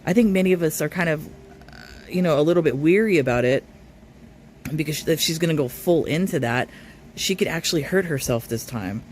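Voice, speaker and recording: Male reaction streamer, slightly high voice, reads chat and rebuts it, faint hiss behind. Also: animated, a little fast. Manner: reads viewer comments aloud, then argues back. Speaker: reaction commentator. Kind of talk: live stream commentary.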